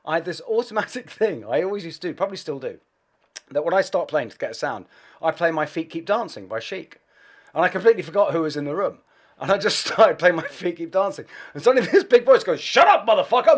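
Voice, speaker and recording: A middle-aged man with an English accent tells tales from his music career in a relaxed interview. His voice sits a little high for a man and swings widely in pitch, and laughter slips in between phrases. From England. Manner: animated anecdotal storytelling, laughing between phrases. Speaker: bass player guest. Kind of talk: casual interview storytelling.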